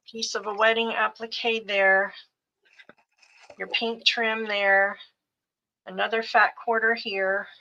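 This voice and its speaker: A middle-aged woman slowly showing off craft supply bundles piece by piece on a live sales show. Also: medium pitch, pushed and bright, lo-fi sound. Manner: unhurried, listing items one by one.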